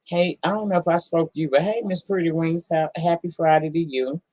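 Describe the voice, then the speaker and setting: A woman's voice: low voice, a little fast, darkish tone, no room sound, rough recording. A woman hosting a casual live-stream, greeting viewers one by one in a folksy, affectionate way. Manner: folksy, affectionate, calls people honey and baby. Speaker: livestream host.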